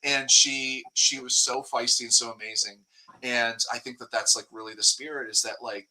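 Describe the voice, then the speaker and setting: A man's voice: mid-range voice, steady tone, normal speed, pushed and bright, low-quality recording. A man speaking as a guest reporter in a casual interview, talking in a rambling way with many restarts and fillers.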